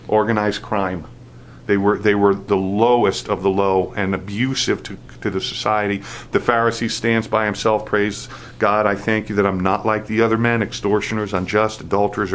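A man's voice: on the low side, a little hiss or hum. A man preaching a sermon, restarting phrases with fillers and rising into an emphatic, repetitive cadence. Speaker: pastor.

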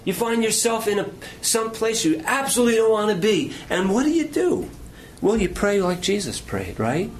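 A man preaching a sermon with passion, swinging between strong emphasis and quiet, near-whispered lines. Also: sits high, big pitch swings, a little hiss or hum. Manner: impassioned preaching with dramatic pauses and dropping to near whisper. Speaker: pastor.

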